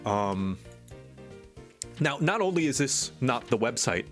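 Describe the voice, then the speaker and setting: A man's voice: medium pitch, sing-song, takes it slowly, fairly bright tone, soft background music. Exasperated man venting on a stream. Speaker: streamer and animator. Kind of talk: casual live-stream chat.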